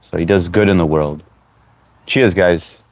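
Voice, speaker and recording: A man's voice: low voice, unhurried, no room sound. Sleepy young man hosting a livestream. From United States. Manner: friendly, greets chatters by name, mixes in Hindi phrases. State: short on sleep. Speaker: livestream host. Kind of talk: casual livestream chat greeting viewers.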